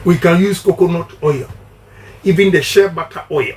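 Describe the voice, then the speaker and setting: Middle-aged Ghanaian man, politician on radio, high-pitched and emphatic, hammers slogans like a preacher. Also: normal speed, a little mellow. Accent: Ghanaian English. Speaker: politician giving a radio interview. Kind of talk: campaign interview.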